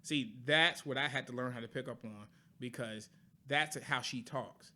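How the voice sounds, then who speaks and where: A man in casual conversation, telling animated stories about his household and acting out what was said. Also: medium pitch, normal speed. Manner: animated storytelling, acts out quotes. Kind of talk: casual chat.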